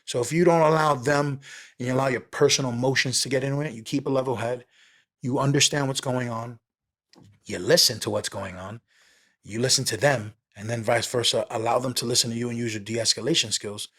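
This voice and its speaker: New York cop telling a street story. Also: male voice, medium pitch, fairly quick, husky. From New York City. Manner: animated, streetwise, swears casually, acts out both sides of a story. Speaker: police officer guest. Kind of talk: casual storytelling.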